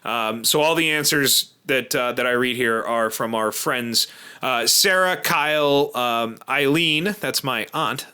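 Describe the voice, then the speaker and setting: A man's voice: medium pitch, unhurried, bright, forceful tone, smooth. A man hosting a sports podcast, talking through a game in a rambling casual way, often restarting his sentences. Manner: rambling, self-correcting with repeated starts. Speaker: podcast host.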